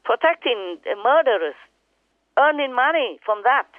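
A woman's voice: sits high, big pitch swings, moderate pace, no room sound. A woman spiritual teacher on a phone call with her disciples, speaking in an impassioned, emphatic way and repeating her points. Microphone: telephone. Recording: tinny phone line.

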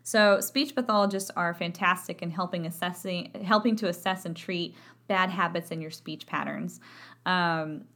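A woman's voice: lowish voice, steady tone, normal speed, a bit bright. A woman with a Texan accent, a voice professor giving a chatty, self-deprecating podcast lesson and laughing often. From Texas. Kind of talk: educational podcast talk.

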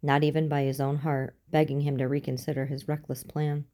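A woman reading fiction aloud as an audiobook narrator, in a steady, measured way. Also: sits low.

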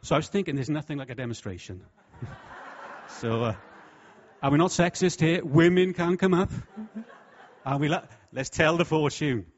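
A man preaching a sermon with humour, lively and jokey, slipping into voices for quotes. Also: a little high, normal speed. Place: church hall. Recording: dull, lo-fi sound.

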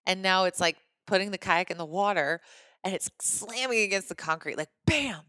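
A podcast host from Missouri, a woman with a mid-pitched voice, telling a personal story in an animated, chatty way. She leans on casual fillers as she goes. The recording is dry and close, with no room sound. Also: brisk, smooth, dry recording.

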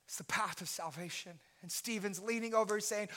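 A man preaching a sermon as pastor, impassioned and at times shouting. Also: high-pitched, a little fast.

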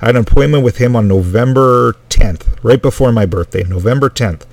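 A man's voice: medium pitch, fairly quick, vocal fry, a little mellow, no room sound. A man telling a personal story in a rambling way, full of restarts and asides. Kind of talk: casual storytelling monologue.

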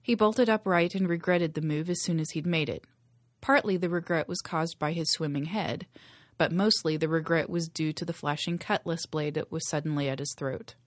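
A woman narrating a novel chapter in a steady storytelling voice. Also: sits low, normal speed, no room sound, clean studio sound. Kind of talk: audiobook reading.

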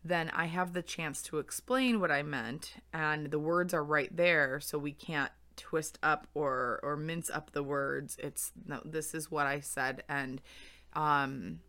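Bright-voiced woman with a low pitch. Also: takes it slowly. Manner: candid, reflective, laughs easily. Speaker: podcast host. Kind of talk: solo podcast talk.

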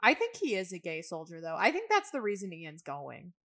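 A woman's voice: fairly low pitch, huge pitch swings, a little fast, a bit bright. A woman co-hosting a podcast, chatting casually and with slang about a TV episode, laughing often. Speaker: podcast co-host. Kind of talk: casual recap chat.

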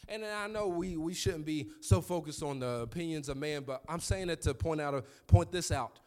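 Male pastor, 30s, animated sermon storyteller with a slightly higher voice. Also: normal speed, hardly any pauses, faint music behind.

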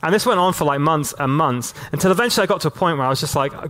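A man preaching a sermon as a pastor, talking in a relaxed, conversational way with lots of casual fillers and slowing right down to stress key lines. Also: a little high. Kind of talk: sermon to a church and online audience.

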